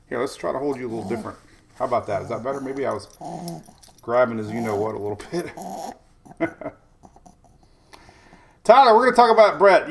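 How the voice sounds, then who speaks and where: A man's voice: medium pitch, a little hiss or hum. Chatty man hosting a morning live stream. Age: 40s. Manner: chatty, rambling, shouts out to viewers and talks to his dogs. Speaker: weather streamer host. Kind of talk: casual live-stream chat. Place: home in Florida.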